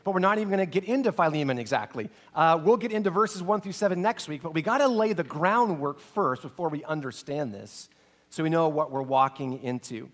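Middle-aged male pastor, fairly high voice, earnest storyteller, goes soft and low when moved. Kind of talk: sermon with personal story.

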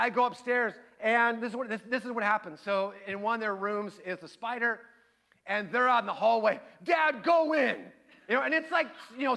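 A middle-aged man preaching a sermon, telling a family story with lively acted-out voices before turning quiet and earnest. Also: very high-pitched, gravelly. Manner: animated storytelling, acting out his kids and himself. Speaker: pastor.

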